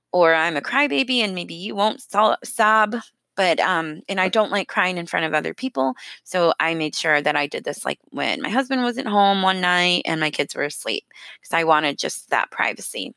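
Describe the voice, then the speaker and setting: Bright-voiced woman sharing personal advice. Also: on the low side, sing-song, moderate pace, no room sound. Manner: candid, self-deprecating, with restarts. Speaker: self-help speaker.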